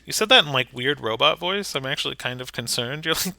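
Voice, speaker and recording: Bright-voiced man running a tabletop game. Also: medium pitch, lively intonation, vocal fry, no room sound. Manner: casual, laughing, quick asides. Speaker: game master.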